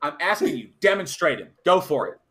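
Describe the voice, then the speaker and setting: A man arguing in a heated online debate, his voice bright and forceful and pitched a little high. He hammers the same demand over and over and swears when he gets angry. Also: big pitch swings, a little fast.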